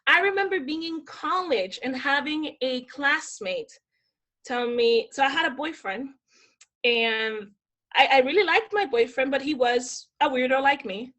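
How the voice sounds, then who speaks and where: A woman's voice: high-pitched, measured pace. A young adult woman from the Dominican Republic, telling stories in a casual interview and acting out the voices she quotes. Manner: animated, acts out quoted voices. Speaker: podcast guest.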